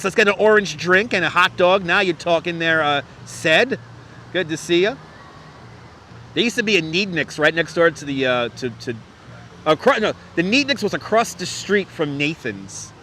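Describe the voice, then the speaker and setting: A man with a New York accent talks casually on a street live stream, reading viewer comments and repeating his phrases. His voice sits high and sounds bright and forward. Faint city noise hums behind him. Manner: chatty, reminiscing, laughs often, repeats phrases. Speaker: livestream host. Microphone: wireless clip-on mic.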